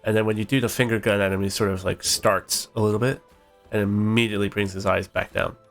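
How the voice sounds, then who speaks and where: A man's voice: on the low side, little pitch movement, quick pace, creaky, a bit bright, soft background music. Man game master describing a scene.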